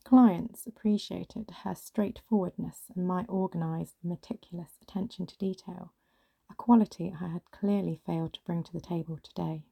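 A woman reading a first-person story aloud in a hushed, often half-whispered way. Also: fairly low pitch, steady tone, normal speed, creaky, breathy edge, dry recording. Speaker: narrator.

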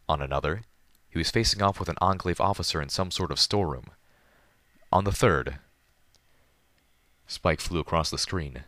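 A man narrating a story in first person in a measured, deliberate manner. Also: sits low, a bit bright, dry recording, studio quality. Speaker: audiobook narrator.

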